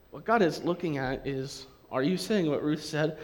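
A man preaching a sermon to a congregation, in a lively, conversational way, acting out the quotes he reads. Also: a little high, normal speed, few pauses. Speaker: pastor.

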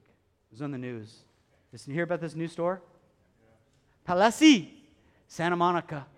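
Animated high-voiced male preacher. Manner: animated, acts out quoted voices, swings from hushed to loud. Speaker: pastor. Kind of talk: sermon.

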